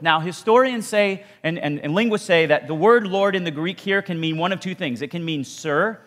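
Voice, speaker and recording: A man giving a sermon, telling a story in a conversational way with casual asides and dropping low for emphasis. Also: brisk, fairly bright tone. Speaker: pastor. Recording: long hall reverb.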